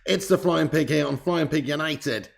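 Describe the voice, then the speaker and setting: Man, gravelly, slightly high voice, excitable live match commentary, chatty with swearing. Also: normal speed. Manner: excitable and chatty, casual swearing, greets chat viewers. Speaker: host of football watch-along stream. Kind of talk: live football watch-along commentary.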